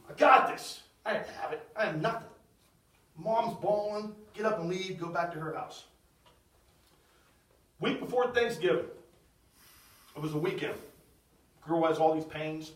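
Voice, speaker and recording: A middle-aged man giving a spoken testimony, swinging from loud outbursts to hushed, almost whispered storytelling. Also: high voice, normal speed, long pauses, roomy sound, recorded from a distance, rough recording. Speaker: speaker sharing a personal testimony. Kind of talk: testimony talk.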